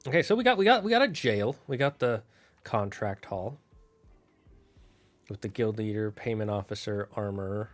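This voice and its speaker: A man thinking aloud on a casual solo stream, building out a fantasy town with halting, restarting speech. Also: lowish voice, animated, faint music behind.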